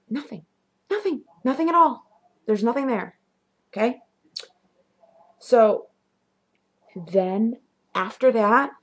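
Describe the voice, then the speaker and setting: Gravelly-voiced young woman telling ghost stories. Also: on the low side. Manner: animated, drops to whispers at spooky moments. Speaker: vlogger. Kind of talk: casual storytelling.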